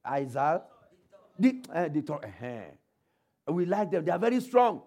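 Animated preacher, high lively voice. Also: male voice, unhurried. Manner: call-and-response, quoting scripture, rhetorical questions; varies pace and loudness for emphasis. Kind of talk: sermon.

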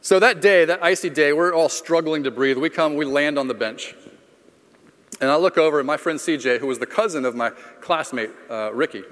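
Middle-aged male pastor, casual storyteller with jokes at his own expense, slightly high voice, long reverb of a big room. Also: a little fast, fairly bright tone. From Florida. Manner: conversational storyteller, self-deprecating humor. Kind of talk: sermon with personal story.

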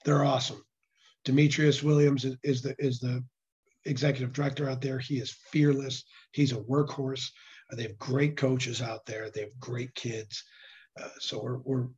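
A slightly hoarse man speaks earnestly and casually in an interview, often stopping to restart his phrasing. His voice has a dull, lo-fi quality. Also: mid-range voice, little pitch movement, normal speed, darkish tone. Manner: earnest, with frequent restarts and fillers. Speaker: nonprofit executive director. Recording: dull lo-fi sound.

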